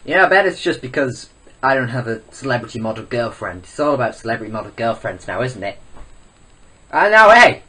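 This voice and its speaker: A man's voice: mid-range voice, fast talker, sharp tone, breathy edge, far from the mic. A young man ranting in a mock-serious comedy vlog, rambling and boastful with lots of self-interruptions. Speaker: comedy vlogger. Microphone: webcam.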